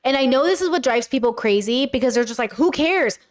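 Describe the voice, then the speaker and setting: A woman with a high voice hosts a casual commentary video, reacting to viewer comments. She rambles animatedly, full of fillers, and keeps slipping into playful mimicked voices. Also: animated, quick pace. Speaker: YouTuber and podcast host.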